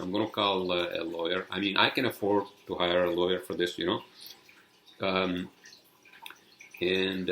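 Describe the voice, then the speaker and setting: A man's voice: low voice, a bit bright, echoey room. A man hosting a solo podcast, ranting angrily with heavy swearing and rambling restarts. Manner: angry, profane, rambling. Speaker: podcast host.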